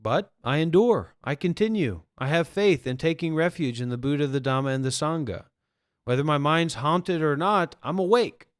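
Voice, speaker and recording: A man with a fairly high-pitched voice talks bluntly and profanely to viewers on a livestream. He speaks as a spiritual teacher, recorded dry with no room echo. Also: expressive, moderate pace, clean tone.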